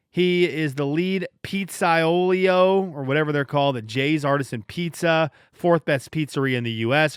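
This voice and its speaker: A man in his thirties hosting a casual solo podcast, telling stories in an animated, joking way and often restarting his sentences. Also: a little high, smooth, no echo, studio quality. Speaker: podcast host.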